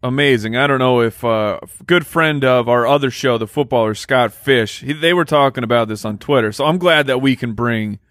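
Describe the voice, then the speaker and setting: A man co-hosting a podcast in casual chat, teasing and quick-witted. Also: mid-range voice, fairly bright tone, no room sound, clean studio sound. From United States. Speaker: podcast co-host.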